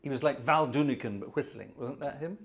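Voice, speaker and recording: A man's voice: medium pitch, a little fast, vocal fry, slight background noise. A man hosting a live organ concert stream, chatting casually, thinking aloud and thanking viewers by name. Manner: rambling, chatty, thinks aloud while searching.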